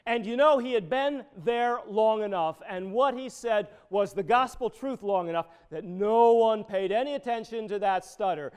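A man's voice: high-pitched, moderate pace, few pauses, darkish tone, clear, resonant tone. A middle-aged man, a pastor, preaching a conversational sermon full of personal stories.

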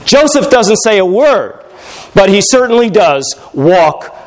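A man's voice: high voice, very animated, slow pace, low-quality recording. A man preaching a sermon in a conversational, humorous storytelling way.

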